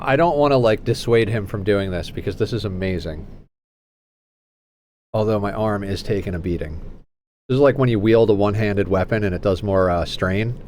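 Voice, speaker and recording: A man live-streaming a game, chatting casually with viewers, doting on his cat in playful baby talk and telling animated stories. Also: lowish voice, slight background noise. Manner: animated storyteller.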